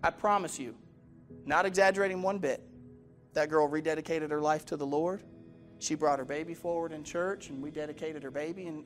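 A male pastor preaching a sermon in a direct manner, putting questions to the congregation and acting out the people in his stories. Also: on the high side. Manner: storytelling, acts out quoted voices. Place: church.

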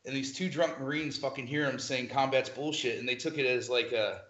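A guest musician tells band stories in casual conversation, his medium-pitched voice brisk and animated. He swears freely and laughs often, and the recording is echoey and lo-fi, made in a room.

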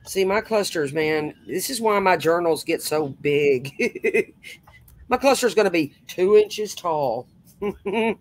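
A woman's voice: lowish voice, lively intonation, slow pace, dry recording. A woman hosting a casual crafting chat, talking as she works and tossing in folksy exclamations. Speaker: host.

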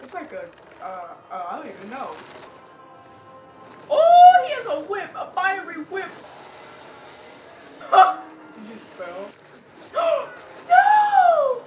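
A woman with a high, swooping voice talks slowly through a movie she is watching, excitable and slangy, gasping and laughing as it plays. She sits back from the mic in an echoey room, and the film's loud music plays behind her. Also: distant mic. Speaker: movie reactor. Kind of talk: excited first-time movie reaction.

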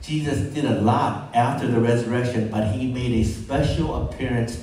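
Pastor preaching in an echoey hall. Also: male voice, moderate pace, recorded from a distance. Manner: expressive, acts out quotes with pitch jumps. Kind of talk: bilingual sermon with interpreter. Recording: echoey church hall, picked up from afar.

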